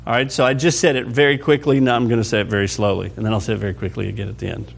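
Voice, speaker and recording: A man preaching a sermon to his congregation in a conversational teaching style, often checking that listeners follow and pushing louder or dropping soft for emphasis. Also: medium pitch, flat delivery, very fast, creaky. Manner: varies pace and loudness for emphasis. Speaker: pastor.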